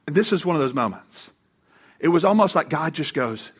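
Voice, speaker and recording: A man's voice: a little high, lively intonation, a little fast, husky. A middle-aged man preaching a sermon to a live congregation, telling a personal story with humor and acting out voices when he quotes people. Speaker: pastor. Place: church before a live congregation.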